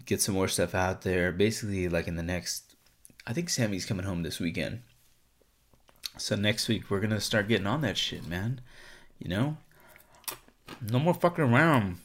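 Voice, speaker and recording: Low-voiced guy doing his own podcast, cussing constantly, rambling with tons of likes and ums. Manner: profane, rambling, lots of "like" and "um". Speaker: podcast host. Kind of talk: casual solo podcast chat.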